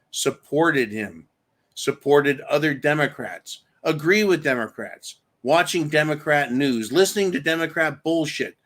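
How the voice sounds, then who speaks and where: A man's voice: on the high side, fairly bright tone. A man hosting a show, ranting angrily with profanity and reading out viewer comments. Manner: angry, profane, reads viewer comments aloud. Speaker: host.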